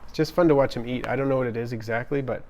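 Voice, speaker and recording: A man's voice: medium pitch, fairly even intonation, very fast, a little mellow, a little hiss or hum. Chatty man hosting a pet livestream. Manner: chatty, upbeat, frequent ums and restarts. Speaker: livestream host. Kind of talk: casual live-stream chat, reading comments. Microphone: camera on tripod.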